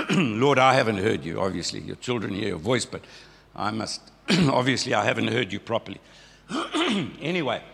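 An older South African man in church tells his testimony in a folksy, conversational way, imitating voices he recalls, a frog in his throat. His mid-range voice is husky and fairly bright, with vocal fry. Long hall reverb colors the sound.

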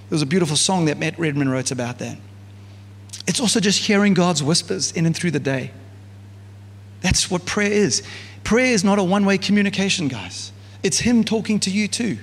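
A man preaching as a pastor, in a relaxed, conversational style full of fillers and asides. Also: high voice. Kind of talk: sermon. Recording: church hall with long reverb.

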